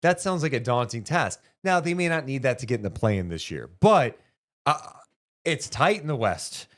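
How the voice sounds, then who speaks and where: A man's voice: medium pitch, big pitch swings, normal speed. A man co-hosting a casual sports talk livestream, working through standings math and reading viewer donations aloud. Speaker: sports podcast co-host.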